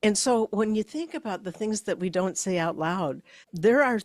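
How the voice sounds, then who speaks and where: A woman's voice: medium pitch, lively intonation, normal speed, no echo, clean studio sound. A woman co-hosting a podcast about leadership, telling coaching stories in a reflective, conversational way. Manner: storytelling, reflective, quotes her own dialogue.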